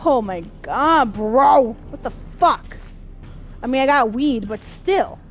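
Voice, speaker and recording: A young woman giving profane, jumpy let's-play commentary, yelling and cursing when scared. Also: high-pitched, lively intonation, slow. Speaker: gaming streamer. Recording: faint game music behind.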